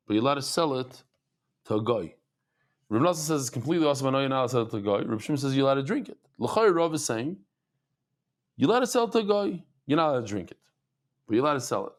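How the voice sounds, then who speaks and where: A man teaching a Talmud class, telling stories with animated asides and acted-out voices. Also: mid-range voice. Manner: animated storytelling, acts out voices, laughs.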